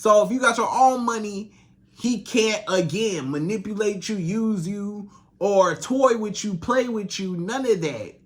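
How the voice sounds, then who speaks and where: High-voiced man giving blunt advice. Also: measured pace. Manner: repetitive, emphatic preaching with quoted back-and-forth. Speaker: dating coach. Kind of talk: direct-to-camera relationship advice.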